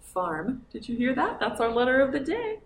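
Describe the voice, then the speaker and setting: A woman librarian with a high-pitched voice and big pitch swings reads a picture book aloud to children at normal speed, coaxing and sing-song, stopping to ask them questions. The recording is roomy and captured from a distance.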